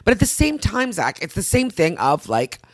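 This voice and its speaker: A woman's voice: medium pitch, wildly swooping pitch, moderate pace, no echo, clean studio sound. A woman co-hosting a podcast, speaking earnestly and emotionally, often repeating herself as she rambles on. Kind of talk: candid personal chat.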